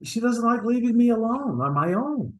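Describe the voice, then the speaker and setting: A man's voice: extremely high pitch, sing-song, normal speed, low-quality recording. A man acting an online stage scene as a flustered husband hiding an affair, stammering and sheepish as he presses his friend. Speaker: acting student. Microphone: video call.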